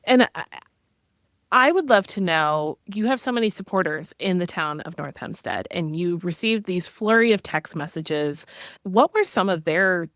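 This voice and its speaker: A woman hosting a podcast, asking eager, quick questions in a casual interview. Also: fairly low pitch, expressive, a bit bright, dry recording, clean studio sound. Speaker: podcast host.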